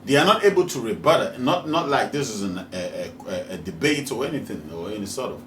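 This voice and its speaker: A man's voice: fairly low pitch, sing-song, a little fast, fairly bright tone, far from the mic, slight background noise. A man from Ghana with a Ghanaian English accent, preaching a monologue built around stories, repeating his points with emphasis. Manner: repetitive and emphatic, rising to fervent. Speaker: spiritual teacher. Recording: roomy echoey recording.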